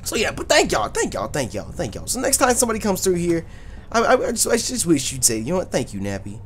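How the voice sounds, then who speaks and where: Excitable profane male gaming host. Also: high-pitched, quick pace, a little hiss or hum. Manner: loud, profane, excitable, yells at the game. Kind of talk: let's play commentary.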